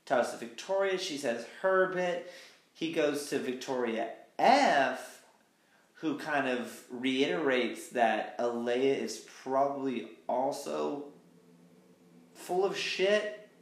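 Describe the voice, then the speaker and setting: A man's voice: medium pitch, expressive, takes it slowly, echoey room. A man co-hosting a podcast, recapping episodes in casual chat and acting out quotes in mocking voices. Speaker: podcast co-host.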